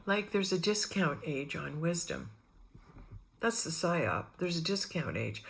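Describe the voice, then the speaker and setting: A middle-aged woman with a gravelly, fry-tinged voice sits low in her register as she rambles through spiritual musings. She drifts from one personal story to the next, acting out what others said along the way. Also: measured pace. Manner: meandering, animated re-enactments with quoted voices. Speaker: spiritual vlogger.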